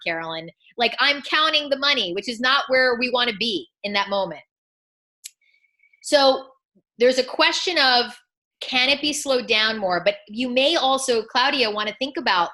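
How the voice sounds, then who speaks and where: This is a woman leading a live coaching call over video. Her voice is slightly high and bright. She acts out little dialogues with clients as she teaches. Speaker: coaching school founder.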